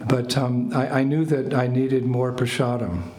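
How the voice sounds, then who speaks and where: An older American man, a spiritual teacher, telling a lively story to a small group. He laughs and acts out phrases as he goes. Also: medium pitch, unhurried. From United States. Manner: animated anecdotes, laughs, acts out French phrases. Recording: echoey room with faint ambient noise.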